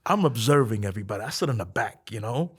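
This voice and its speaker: A man as a podcast guest, telling stories in a casual chat, animated and acting out the dialogue with frequent laughs. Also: lowish voice, quick pace, breathy edge. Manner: animated, acts out quoted dialogue, laughs often.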